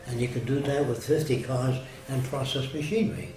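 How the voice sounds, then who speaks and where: A man's voice: mid-range voice, a little fast, darkish tone. An older man talking casually, telling plain-spoken anecdotes and giving blunt opinions. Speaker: guest. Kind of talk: casual storytelling conversation. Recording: roomy echo, far mic, music behind.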